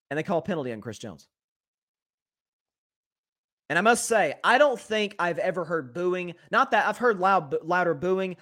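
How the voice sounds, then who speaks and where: High-pitched opinionated sports talk host. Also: male voice. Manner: animated, opinionated, repeats words while thinking. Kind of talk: solo sports talk commentary.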